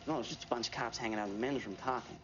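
An actor playing an edgy young man telling a profane, animated drug-deal story. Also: mid-range voice, very fast, a little hiss or hum, close to an everyday voice. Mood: tense. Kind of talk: film dialogue. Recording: dull film audio with music underneath.

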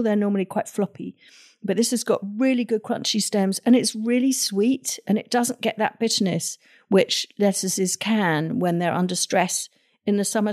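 A woman's voice: medium pitch, a little mellow. Older woman, podcast host, keen and emphatic, easy chatty way of talking. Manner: enthusiastic, emphatic. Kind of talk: casual gardening chat.

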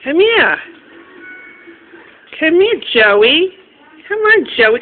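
A woman's voice: high-pitched, big pitch swings, very slow, long pauses, faint music behind. A woman filming her pet at home, talking to it in a coaxing sing-song way. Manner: coaxing sing-song pet talk, calling the animal's name over and over. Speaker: pet owner filming her guinea pig. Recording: tinny lo-fi home video sound.

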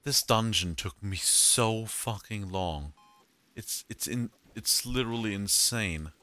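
A man narrates his own gameplay in a loose, joking ramble, cursing freely at the game. His voice is bright and crisp, and he takes his time, drawing out his words. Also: fairly low pitch, takes it slowly. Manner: swears and exclaims at the game. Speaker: let's play gamer. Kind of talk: casual gameplay commentary.

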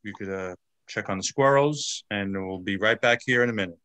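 Man, low and dry, hosts a video call, halting, many "uh"s. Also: fairly bright tone, no echo. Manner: hesitant, with frequent fillers and restarts. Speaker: meeting moderator. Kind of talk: casual video-call chat.

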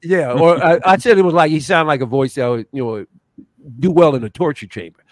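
A man's voice: a little high, brisk, dry recording, clean studio sound. A man co-hosting a casual livestream chat, telling stories with enthusiasm. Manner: animated, enthusiastic storyteller.

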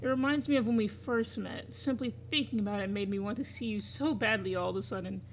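A woman's voice: mid-range voice, fast, slight background noise, natural voice. A woman reading aloud the lines of an obsessive, clingy young man from a game, in her own everyday voice. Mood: earnest. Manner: reads game dialogue aloud plainly.

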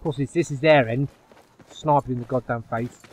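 A man giving live commentary over his own online shooter match, dropping to low muttering and then yelping loudly when the action heats up. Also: normal speed. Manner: excitable, swings from low muttering to loud yelps. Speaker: gaming YouTuber.

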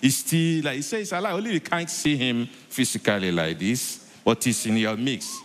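A man tells his testimony in a mid-pitched voice, stopping and restarting often with many hesitations. His words ring with a long echo, as in a church hall. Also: lively intonation. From Nigeria. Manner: halting, repeats and restarts with many fillers. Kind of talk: spoken testimony.

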